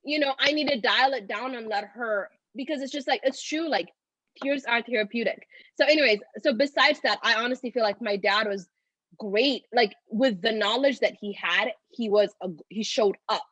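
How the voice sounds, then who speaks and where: Woman, 30s, podcast guest, rambling casual speech, says "like" a lot, slightly high voice, dry close sound. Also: normal speed, fairly bright tone, breathy edge, dry recording, poor audio. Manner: talks in loose run-on phrases full of "like". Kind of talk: casual conversational storytelling.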